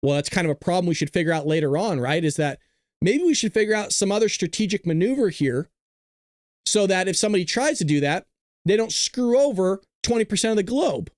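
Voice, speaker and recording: A man's voice: high voice, expressive, a little fast, dry recording, clean studio sound. A man hosting a live political talk show, reading news items aloud and commenting on them with sarcasm.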